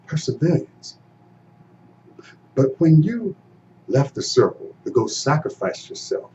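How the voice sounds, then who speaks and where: A man voicing a wise, gentle African king speaking softly to his son in a folktale. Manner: low, soft and reassuring. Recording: dull, slightly distant recording.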